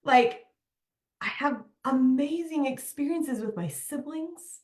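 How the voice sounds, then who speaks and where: Candid young mom coaching, echoey room. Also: female voice, high voice, takes it slowly, darkish tone. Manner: candid, emphatic, chatty with many "like"s. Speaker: mom coach, podcast host. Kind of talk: motivational talk to mothers.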